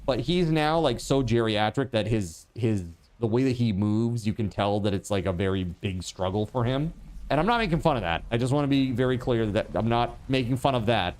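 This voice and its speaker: Lively, chatty male game streamer. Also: medium pitch, brisk. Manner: rambling, chatty, many fillers; talks to chat viewers. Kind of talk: casual livestream chat while gaming.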